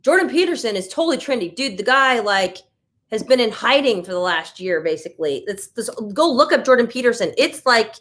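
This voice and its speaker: A woman's voice: on the high side, lively intonation, fairly quick, fairly bright tone. An American woman hosting a casual live stream, chatting loosely and reacting to viewer comments as she goes. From United States. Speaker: livestream host.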